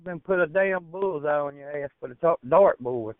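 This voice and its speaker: A man's voice: on the high side, moderate pace, a loud crowd. A man ribbing a caller with crude, mocking jabs. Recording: phone-like lo-fi line.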